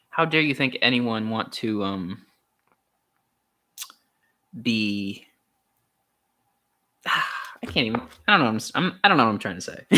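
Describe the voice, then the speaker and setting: A young man reading a philosophy text aloud in a casual way, pausing often with ums and restarts and adding wry, sarcastic asides. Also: mid-range voice, pushed and bright. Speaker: channel host reading aloud.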